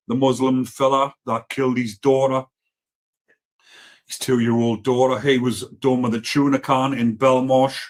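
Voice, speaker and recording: Blunt, sweary Geordie man streaming live. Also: mid-range voice. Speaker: livestream host reading comments. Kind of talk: casual live-stream chat.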